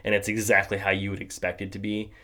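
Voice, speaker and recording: A young man with a lowish voice hosts a casual podcast conversation. He rambles, restarts his sentences and stacks up fillers, laughing often as he goes. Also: completely flat delivery, fast, bright, forceful tone. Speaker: podcast host. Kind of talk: casual chat.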